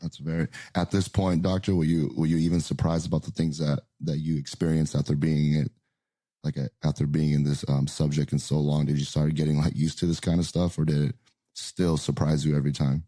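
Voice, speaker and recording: Very deep, dark-voiced male host. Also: flat delivery, fairly quick, no echo. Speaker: podcast host. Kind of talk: casual interview questions.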